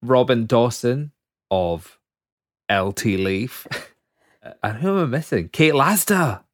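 A man's voice: medium pitch, animated, slow, dry recording, clean studio sound. A man co-hosting a podcast in casual chat, joking and laughing often as he rambles through lists. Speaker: podcast co-host.

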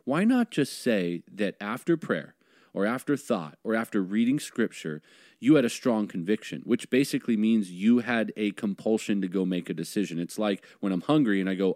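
Earnest low-voiced male podcast host. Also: animated, moderate pace, darkish tone, no echo, studio quality. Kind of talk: podcast discussion.

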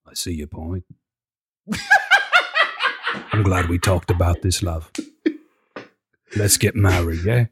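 A man voicing a calm, soft-spoken young man. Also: deep voice, takes it slowly, pauses often, very noisy, voice pushed down. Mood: placid. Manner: mild, soothing, says mate and love.

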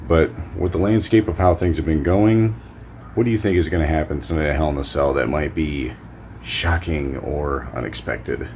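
Low-voiced guy leaving a rambly voicemail, bit of hiss behind. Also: normal speed, a little mellow. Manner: chatty, casual, a bit rambling. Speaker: caller. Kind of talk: recorded listener voice message.

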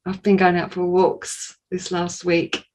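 A woman sharing a personal testimony as a podcast guest, telling her story in an animated way, with laughs and pauses. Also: fairly low pitch.

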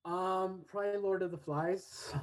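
A man's voice: sits high, steady tone, measured pace, poor audio. An American man in his forties, a guest and English teacher, chatting casually in an upbeat, rambling way and laughing often. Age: 40s. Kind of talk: casual interview chat.

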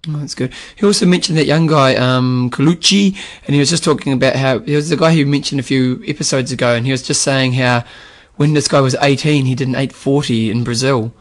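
A man co-hosting a casual podcast, relaxed and chatty with plenty of fillers as he reads out listener questions. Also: mid-range voice, a little fast, few pauses.

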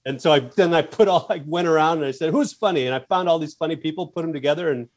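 A man with a slightly high voice, chatting as an interview guest. He tells long stories with energy and slips into other people's voices to act out what they said. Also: fast talker. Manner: animated anecdotes, acts out other people's lines. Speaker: guest, founder of a comedy group. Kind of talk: casual interview storytelling.

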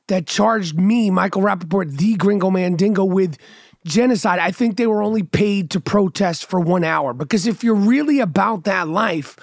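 A man's voice: sits high, creaky, no room sound. Middle-aged male podcast host, loose profane monologue with a sardonic edge, dry close sound. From New York. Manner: profane, sardonic rambling with restarts. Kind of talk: casual monologue.

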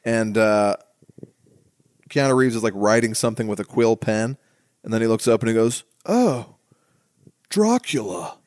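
A man co-hosting a casual comedic podcast about movies, making dry, deadpan jokes. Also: fairly low pitch, moderate pace, pauses often, clear, resonant tone, dry recording. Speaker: podcast co-host.

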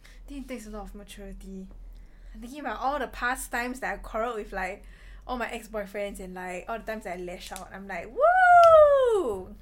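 A woman's voice: mid-range voice, fairly quick, fairly bright tone, a little hiss or hum. A young woman with a Singaporean English accent, chatting casually, full of "like" fillers. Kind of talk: casual chat.

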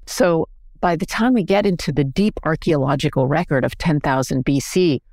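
An American woman, a history professor, explaining things in a clear, measured lecturing manner during an interview. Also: sits low, a little mellow, dry recording, clean studio sound. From United States.

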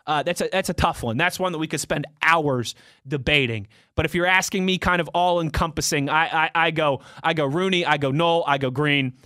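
A man's voice: fairly high pitch, brisk, bright, forceful tone, dry recording, studio quality. A young man hosting a casual sports talk show, answering fan tweets off the cuff in a rambling, conversational way.

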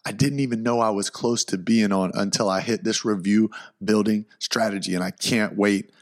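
A young man hosting a podcast, telling a story in an excitable, slangy way with sudden loud outbursts. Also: fairly low pitch, moderate pace. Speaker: podcast host. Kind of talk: casual solo podcast storytelling.

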